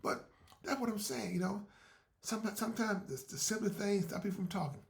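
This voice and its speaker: Brisk and high-pitched with vocal fry, this podcast host talks alone in a relaxed, folksy way, repeating words and performing small imagined exchanges.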